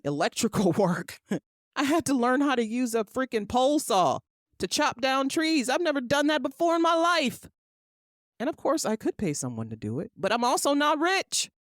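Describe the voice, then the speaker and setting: A woman's voice: on the high side, no echo, clean studio sound. A middle-aged woman hosting her own podcast, ranting emphatically and with exasperation, swearing freely. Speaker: podcast host. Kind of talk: ranting solo podcast monologue.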